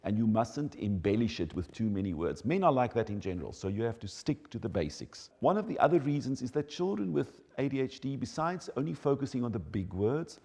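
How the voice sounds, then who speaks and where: Male educator, deep warm tone, expressive teaching delivery, reverberant hall. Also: a little fast, vocal fry, few pauses, breathy edge. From South Africa. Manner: animated, emphatic teaching delivery. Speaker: educator on child development. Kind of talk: explanatory talk.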